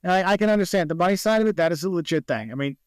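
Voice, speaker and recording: A man's voice: sits high, lively intonation, very fast, clear, resonant tone, dry recording. A man, a travel video creator guest in a casual podcast interview, telling stories and acting out the people he quotes.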